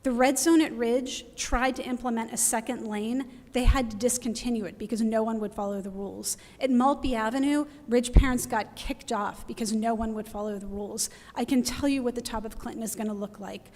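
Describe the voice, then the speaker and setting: A woman's voice: on the high side, steady tone, brisk, hardly any pauses, a little mellow. A middle-aged woman giving an impassioned public comment at a council meeting, pleading and close to tears. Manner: pleading, emotional, urgent. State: near tears. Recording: reverberant hall.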